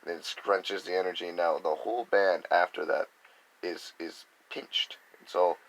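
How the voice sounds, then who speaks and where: A man's voice: low voice, fairly even intonation, normal speed, fairly bright tone, poor audio. A man giving a rambling, casual spiritual talk, acting out other people's reactions in quoted voices. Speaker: spiritual speaker.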